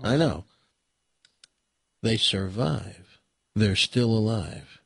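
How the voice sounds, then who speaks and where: A man's voice: on the low side, drawn-out words, creaky, breathy edge, dry recording, studio quality. A man hosting a radio show, chatting casually and telling a long joke with dramatic pacing. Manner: animated, dramatic storyteller.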